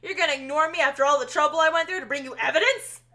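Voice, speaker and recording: A woman voicing a gruff, blustery male detective in a video game, talking in a brash, indignant way. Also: sits high, very fast, sharp tone.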